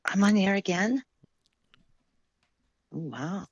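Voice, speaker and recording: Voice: medium pitch, expressive, takes it slowly, slightly rough, dry recording. A caller on a radio show, chatting playfully. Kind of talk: casual call-in chat.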